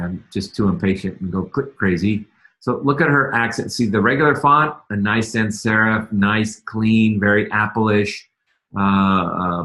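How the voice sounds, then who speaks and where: Man, low-pitched, casual teacher, chatty with fillers, echoey room. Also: a bit bright. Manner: chatty, self-interrupting, many fillers. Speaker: marketing instructor. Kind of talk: casual screen-share teaching.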